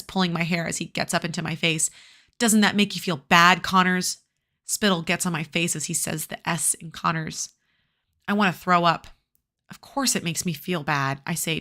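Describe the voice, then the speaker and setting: A woman reads a novel aloud for her students, stopping now and then to comment in a loose, chatty way. Her voice is bright and forward, sitting a little low. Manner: casual, chatty asides with fillers and restarts. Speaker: teacher reading a novel aloud.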